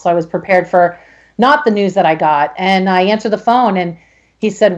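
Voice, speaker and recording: Woman guest, halting storyteller, muffled lo-fi remote line. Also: medium pitch. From Connecticut. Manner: halting, many restarts and fillers. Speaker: podcast guest. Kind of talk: emotional personal story.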